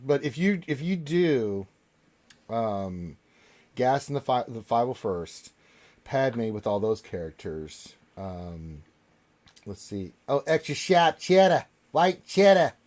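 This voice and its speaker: A man hosting a casual live Q&A panel, reading out viewer questions and answering in a relaxed, rambling way with plenty of fillers. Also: mid-range voice, slow pace.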